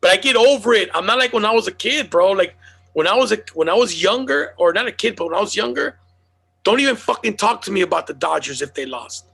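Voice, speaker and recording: A man's voice: high-pitched, quick pace, creaky, slightly rough. A man telling stories in casual, profane chat as a podcast host. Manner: animated storyteller, swears a lot.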